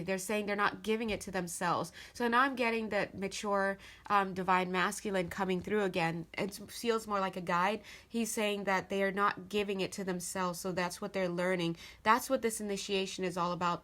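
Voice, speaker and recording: A woman's voice: mid-range voice, fairly bright tone. Earnest woman giving an intuitive tarot reading. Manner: earnest, channeling spirit messages with frequent restarts. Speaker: tarot reader.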